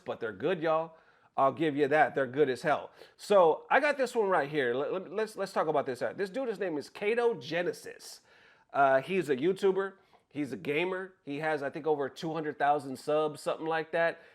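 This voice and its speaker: Male vlogger, lively pitch and a slightly high voice, casual and profane, animated storytelling. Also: normal speed. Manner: animated, swears freely, acts out quotes. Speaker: content creator. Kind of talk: casual commentary vlog.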